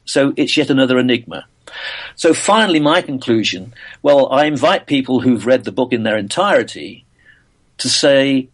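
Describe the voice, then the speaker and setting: Older english guy, physicist on an interview show, halting, lots of uhs and restarts. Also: medium pitch. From England. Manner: thoughtful, many uhs and restarts. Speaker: physicist and author guest. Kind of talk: interview answers.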